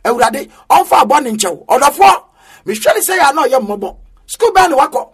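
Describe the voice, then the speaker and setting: A man with a Ghanaian accent preaching a sermon in an emphatic, half-sung style that rises to shouts. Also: very high voice, sing-song, normal speed.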